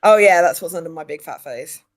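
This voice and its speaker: A woman's voice: low-pitched, animated, fairly quick. A woman streamer chatting playfully while playing a game.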